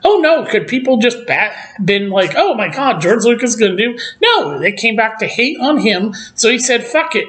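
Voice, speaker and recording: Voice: mid-range voice, fairly bright tone, low-quality recording. Profane, exasperated film ranter. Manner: mocks characters with quick put-on quotes. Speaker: film commentator. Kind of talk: casual opinion rant.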